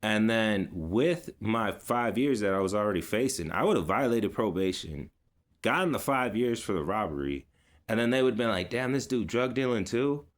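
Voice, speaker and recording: A man with a fairly low voice talks straight to his audience in a loose, casual vlog. He rambles with plenty of fillers and restarts and drops easy street slang as he goes. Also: animated, normal speed. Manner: laid-back street slang. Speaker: vlogger. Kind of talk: casual personal storytelling.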